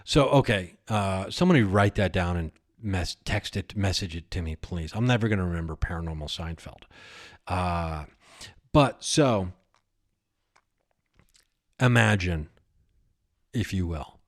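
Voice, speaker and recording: This podcast host's voice sits low and moves a little slowly, with long pauses. His comic monologue is rambling and improvised, punctuated by giggles and conversations with imaginary characters.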